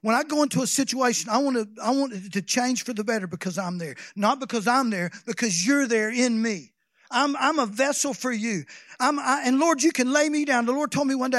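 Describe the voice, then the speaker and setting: A man preaching a sermon in a folksy, rambling way, often restarting and then building up to shouted exhortation. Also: very high-pitched, a little fast, no echo, clean studio sound.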